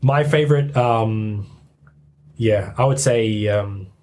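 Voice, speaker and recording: A man talking as a podcast guest in a relaxed, hesitant way with many fillers. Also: lowish voice, slow pace, slight background noise. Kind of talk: casual podcast chat.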